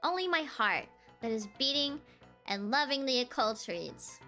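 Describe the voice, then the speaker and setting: A woman's voice: sits high, very animated, normal speed, pushed and bright, soft background music. A young woman, streaming and chatting casually, giggling often between phrases. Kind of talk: casual livestream chat.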